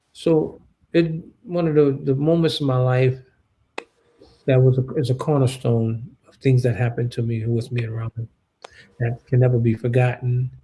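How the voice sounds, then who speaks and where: A man, a guest in an interview, telling a painful personal story in a halting, shaken way with many restarts. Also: medium pitch, a little mellow, rough recording. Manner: shaken and subdued.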